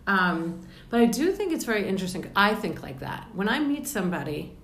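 A woman's voice: medium pitch, very animated, fairly quick, a bit bright. A woman hosting a casual podcast interview, bubbly and jokey, laughing often. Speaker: podcast host. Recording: roomy with faint background noise.

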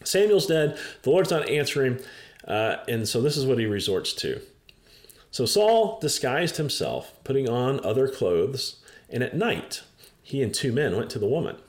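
A man preaching a sermon, telling a scripture story in an animated way with chuckles and frequent fillers. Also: mid-range voice, normal speed. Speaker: pastor.

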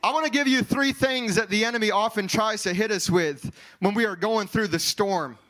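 High-voiced preaching pastor, half-sung cadences. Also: male voice, moderate pace, bright, forceful tone, rough recording. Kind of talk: sermon.

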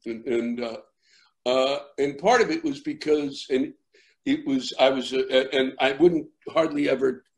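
A middle-aged man, a comedian, telling a rambling story in conversation with many fillers and restarts, acting out shouting crowds. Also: mid-range voice, measured pace, creaky. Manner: animated, acts out shouting crowds. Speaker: comedian guest.

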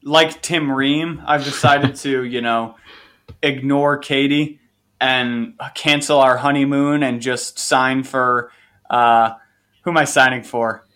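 A man's voice: mid-range voice, steady tone, takes it slowly, a bit bright. A man co-hosting a fan podcast, bantering in a joking, self-mocking way. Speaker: podcast co-host. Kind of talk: casual chat.

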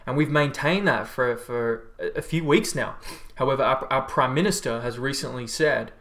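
Reading out viewer comments on his livestream, an Australian health coach rambles in a laid-back way and swears without restraint. His voice is medium-pitched and fairly bright, at a moderate pace.

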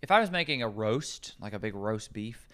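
A man's voice: lowish voice, lively intonation, moderate pace, fairly bright tone. A man, a nutrition coach, explaining herbs in casual podcast conversation, rambling and correcting himself as he goes.

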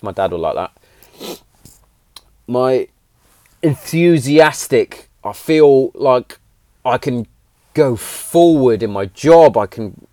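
This podcast host, a man in his thirties, speaks from his home shed with a mid-range voice and clean studio sound, no echo. His casual monologue is heartfelt, emphatic and rambling, and he swears without holding back.

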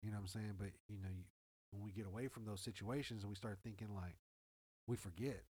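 Guy with a husky voice, swears a lot, tells stories loose and animated. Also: lowish voice, quick pace, rough recording. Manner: animated, profane, acts out quoted dialogue. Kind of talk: casual chat, storytelling.

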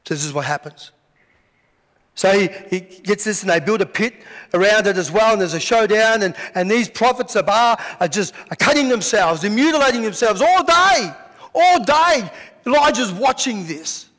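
Male pastor with a high voice who acts out his sermon stories, recorded in a big echoing hall. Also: moderate pace. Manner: animated storytelling, acts out scenes. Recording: long hall reverb.

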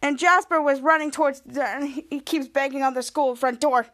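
A woman's voice: high-pitched, fairly even intonation, fairly quick, few pauses, fairly bright tone. A woman hosting a podcast, casually retelling a TV episode scene by scene with frequent restarts. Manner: rambling retelling with restarts, acting out quoted lines. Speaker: podcast host.

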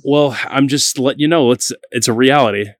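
A man's voice: medium pitch, brisk, no room sound. Casual male co-host from Kentucky, rambling delivery, dry recording. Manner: relaxed, rambling, many fillers and self-corrections. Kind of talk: casual chat.

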